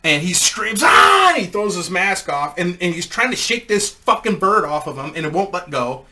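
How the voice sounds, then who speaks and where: A man's voice: high voice, expressive, moderate pace, background noise. A man telling a rambling, crude comic anecdote in a casual way, laughing at his own story.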